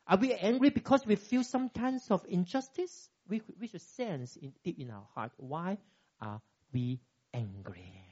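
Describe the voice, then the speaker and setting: A man in his fifties preaching a sermon as a pastor, animated and acting out quoted dialogue with sudden pitch jumps. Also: unhurried, breathy edge, highs cut off.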